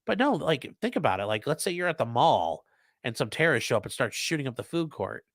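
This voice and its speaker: A man's voice: medium pitch, sing-song, quick pace, fairly bright tone, no room sound, clean studio sound. Blunt, profane man reading chat aloud. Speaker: lawyer hosting a live stream. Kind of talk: casual live-stream chat answering viewer comments.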